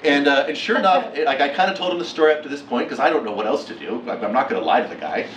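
A middle-aged man giving a keynote talk, telling a story with lively acted-out quotes. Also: on the high side, rapid-fire, slight background noise. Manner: animated, acts out quotes with laughs. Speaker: keynote speaker. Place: lecture hall. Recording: echoey hall from far off.

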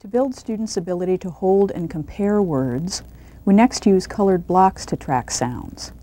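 A woman with a mellow, darker voice guides a student through sounds one step at a time. Her delivery is calm and instructive, like a narrator of an educational video. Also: on the low side, measured pace. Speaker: narrator and reading teacher. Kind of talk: scripted narration and one-on-one teaching.

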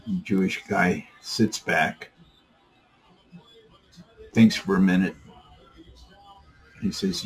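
Slow, husky-voiced man telling jokes. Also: sits low, fairly even intonation, faint music behind, rough recording. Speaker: joke teller.

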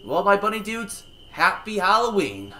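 Easygoing prankster guy, voiced by a man, fairly high voice, loose delivery. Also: sing-song, normal speed, pushed and bright, a little hiss or hum, heavily acted. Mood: smug.

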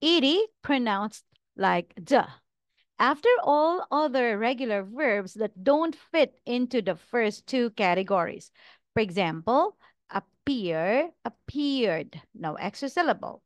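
A woman teacher drills English pronunciation, speaking each word very slowly and with careful enunciation. Her voice sits a little high. The recording is dry and close, with no room sound. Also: no room sound. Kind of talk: slow, deliberate pronunciation drill.

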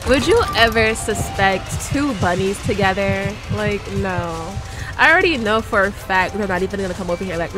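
A woman giving chatty gameplay commentary, talking straight to her viewers with bursts of mock outrage. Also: mid-range voice. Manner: dramatic outbursts of mock outrage. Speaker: gaming YouTuber. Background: game music.

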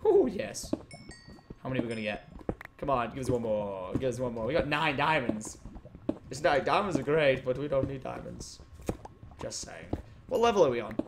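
A young man commentating his gameplay live. He is excitable, talks to the creatures in the game, and breaks into sudden loud outbursts. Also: medium pitch, a little fast, noisy background. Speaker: gaming video host.

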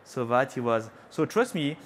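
His pitch swings widely as this middle-aged French chef talks at normal speed in a mid-range voice, with a little hiss or hum in the recording. Demonstrating a dish live on a trade-show stage, he speaks with a French accent and stays chatty and playful, teasing the crowd and using French words.

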